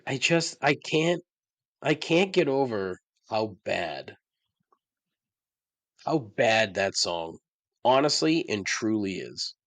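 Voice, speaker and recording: A man's voice: on the low side, sing-song, slow pace, pauses often, a bit bright, no echo. A man hosting his own podcast, ranting about songs he hates with sarcasm and frequent swearing. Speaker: podcast host. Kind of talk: casual monologue.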